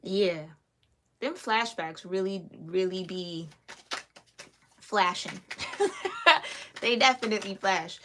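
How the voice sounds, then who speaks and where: Bright-voiced chatty woman tarot reader. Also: medium pitch, lively intonation, slow pace, pauses often, slight background noise. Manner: chatty, laughs often, slangy. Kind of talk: casual tarot reading podcast.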